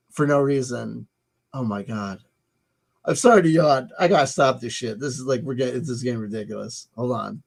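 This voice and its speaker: A man's voice: medium pitch, gravelly, rough recording. A man hosting a casual live stream, musing aloud, rambling and swearing as he decides what to show next.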